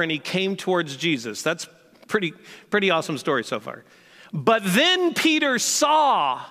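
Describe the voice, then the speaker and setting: A man preaching on a church stage with a high, bright and forceful voice. He talks in an animated, joking way and often restarts mid-sentence. His voice echoes through a large hall with long reverb. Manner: animated and humorous, with frequent restarts. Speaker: pastor. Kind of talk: sermon.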